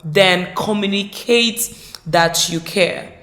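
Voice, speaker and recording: Female instructor, mid pitch, emphatic and repetitive, informal teaching, echoey room. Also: takes it slowly, a bit bright. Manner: emphatic, repeats key words, acts out example dialogues. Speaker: caregiving course instructor.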